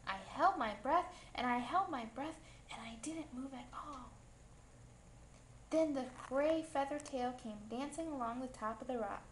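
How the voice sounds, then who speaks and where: A woman reading a picture book aloud to children in a slow, gentle storytelling manner. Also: sits high, a little hiss or hum. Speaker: storybook reader. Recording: echoey room, faint ambience.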